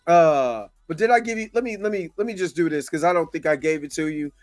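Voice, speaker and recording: A host from the United States gives impassioned livestream commentary in a slightly high voice at a quick pace. Venting his frustration, he keeps repeating himself and thanks viewers by name.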